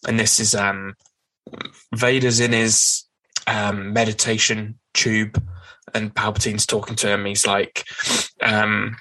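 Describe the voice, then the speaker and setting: A man talking through comic storylines on a casual podcast, his voice fairly low and bright-edged. He keeps an even, level delivery and fills his rambling recaps with frequent ums and hedging asides. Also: slow pace, poor audio. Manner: rambling plot recap with many fillers.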